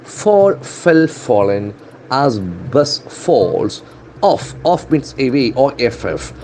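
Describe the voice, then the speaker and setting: A male trainer walks learners through newspaper headlines. His voice sits at an ordinary middle pitch, and he speaks deliberately, spelling words letter by letter and repeating them for pronunciation. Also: expressive, a little mellow, a little hiss or hum. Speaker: English language trainer. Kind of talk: newspaper-based English lesson.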